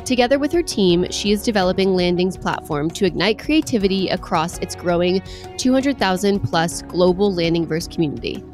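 A woman's voice: on the low side, animated, fairly quick, darkish tone, faint music behind. Bubbly woman podcast host. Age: 20s. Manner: bubbly, enthusiastic. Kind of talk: scripted intro, then casual interview chat.

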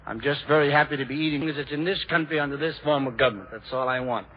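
A man from Ohio doing a stand-up routine, with punchy, excitable joke delivery and frequent restarts. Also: on the high side, very fast, slightly rough, muffled recording. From Ohio, USA. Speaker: stand-up comedian.

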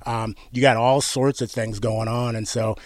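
A man's voice: medium pitch, level tone, moderate pace, no room sound. A man in his forties hosting a morning radio show in a studio, chatting casually with many ums and easy laughs. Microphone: studio microphone.

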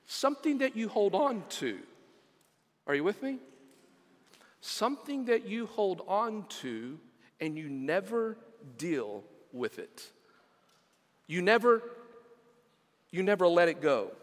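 A man's voice: sits high, sing-song, takes it slowly, long pauses, in a large hall. A middle-aged man, preaching a sermon as pastor, telling stories and repeating words for emphasis.

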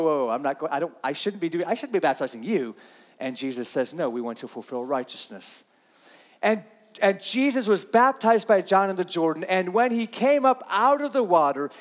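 A man's voice: fairly high pitch, big-room sound. A man preaching a sermon, earnest and repeating himself, reading scripture aloud. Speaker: pastor.

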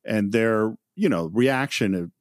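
Lively-voiced man analyzing a film. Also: lowish voice, unhurried. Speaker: podcast co-host. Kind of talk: casual film discussion.

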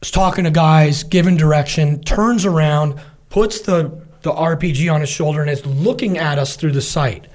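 A man's voice: on the high side, normal speed. A middle-aged man, a military veteran, telling a war story in casual conversation and acting out what his comrades said. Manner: vivid storytelling, animated quoting of comrades.

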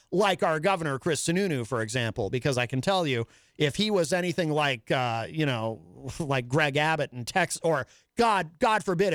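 A male talk show host with a somewhat high voice, delivering an opinionated monologue. He rambles, restarts and fills his pauses with hesitations. The recording is dry and close. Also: fairly bright tone, no room sound. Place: New Hampshire.

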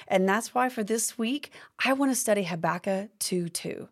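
A woman's voice: mid-range voice, measured pace. A woman hosting a faith-based teaching podcast, talking expressively and acting out complaining prayers. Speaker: podcast host.

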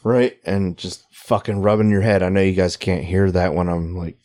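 A man's voice: low-pitched, flat delivery, moderate pace. A man co-hosting a casual podcast, laughing often and swearing freely as he jokes with his friend. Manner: laughs often, breaks into loud shouted impressions. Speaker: podcast co-host. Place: room with an open window. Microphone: studio microphone.

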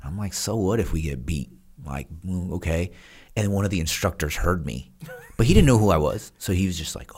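A man's voice: low voice, fairly quick, breathy edge. A man telling stories casually in a podcast interview, acting out the people he quotes. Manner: animated, acts out quoted voices. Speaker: guest, retired Navy SEAL. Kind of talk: casual storytelling.

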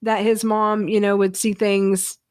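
A woman's voice: mid-range voice, level tone, a little slow, no room sound, clean studio sound. Profane, blunt woman with a twang. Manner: blunt, profane, laughs often. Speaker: podcast co-host. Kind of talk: casual reality-TV recap chat.

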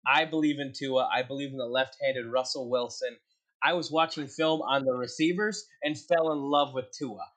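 A man co-hosting a fantasy football chat show who jokes with his friends and moves the talk along. His voice sits at an ordinary middle pitch, and he speaks in a relaxed, casual way. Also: normal speed. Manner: jokey, steers the segments. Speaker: podcast co-host.

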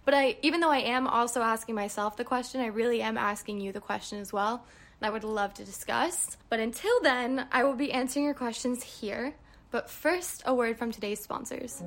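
A woman's voice: a little high, fairly quick, fairly bright tone. A young woman hosting her own podcast, chatting casually and answering listener questions with enthusiasm. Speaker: podcast host. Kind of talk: casual solo podcast monologue.

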